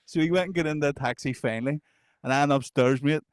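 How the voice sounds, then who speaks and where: A man co-hosting a podcast, telling stories in a casual, animated way, often laughing and swearing. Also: a little high, fast, no echo, clean studio sound. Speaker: podcast co-host. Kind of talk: casual storytelling chat.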